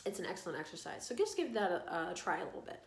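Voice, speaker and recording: A woman singing coach guiding an online vocal warm-up lesson, giving calm, coaxing instructions. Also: on the low side, rapid-fire, echoey room, background noise.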